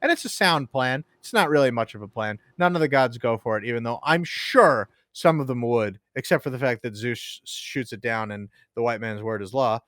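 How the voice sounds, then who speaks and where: A man's voice: medium pitch, fairly quick, hardly any pauses, fairly bright tone, no room sound, clean studio sound. A man co-hosting a casual movie review chat, joking as he recaps the plot. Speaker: podcast co-host.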